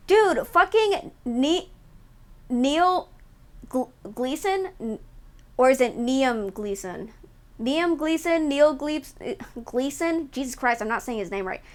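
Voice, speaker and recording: A young woman streaming, chatting casually with her viewers, ranting loudly and swearing a lot. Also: sits high. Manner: swears a lot, ranty and animated. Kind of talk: casual chat with live chat.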